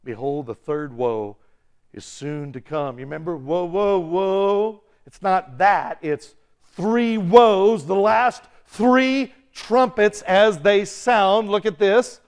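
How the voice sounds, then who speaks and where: A man preaching an animated sermon, acting out quick voices and shifting between loud bursts and quiet asides. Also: high voice, clean tone. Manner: excitable, acts out voices, shouts and laughs. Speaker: pastor.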